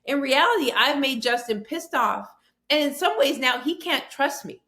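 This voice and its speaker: A woman's voice: high-pitched, animated, moderate pace, bright, forceful tone. A woman guest on an interview show, telling a story animatedly and acting out both sides of a conversation. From southwestern United States, near the Mexican border. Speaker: guest, author and speaker.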